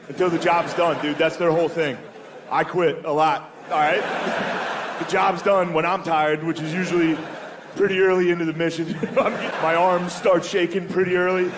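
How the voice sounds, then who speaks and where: A man's voice: a little high, steady tone, normal speed, noisy background. A man doing crude stand-up comedy, laughing at his own jokes and saying "dude" a lot. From United States.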